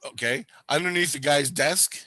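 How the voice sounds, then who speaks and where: A man with a bright, forceful, fairly high voice tells a rambling story in casual chat. He swears freely, laughs and jumps into acted-out voices, and the sound is dry and close. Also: moderate pace, dry recording. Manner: animated, laughing, acts out voices with big pitch jumps. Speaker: storyteller recounting experiences.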